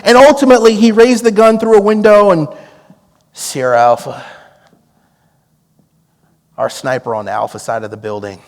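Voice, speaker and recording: A man preaching a storytelling sermon, drawing on his time as a police negotiator and acting out the dialogue with lively energy. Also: fairly high pitch, moderate pace, pauses often, in a large hall. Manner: animated, acts out quoted dialogue with laughs.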